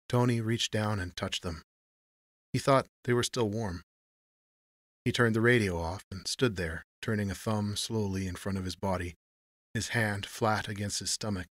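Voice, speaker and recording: A man narrating a noir short story in measured, even storytelling. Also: fairly low pitch, no echo, clean studio sound.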